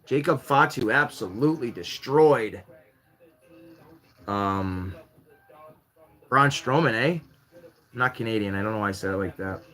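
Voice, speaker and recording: Rambling jokey male live-stream host. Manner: rambling, jokey, lively swings in pitch while building Lego. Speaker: host of a live variety show. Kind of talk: casual live-stream chat.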